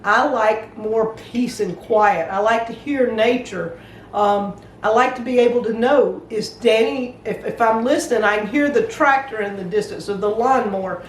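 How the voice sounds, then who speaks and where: A woman's voice: a little high, normal speed, echoey room, distant mic, slight background noise, rough recording. An older woman with a Southern US accent, co-hosting a homestead channel and chatting plainly and homey with viewers. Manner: plainspoken, homey, explains things. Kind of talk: casual chat to viewers.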